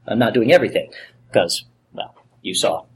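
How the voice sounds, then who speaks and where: At a convention, a voice actor guest with a lowish, animated voice gives a casual interview over a faint hiss or hum. He's playful and jokey, quick to break into laughter.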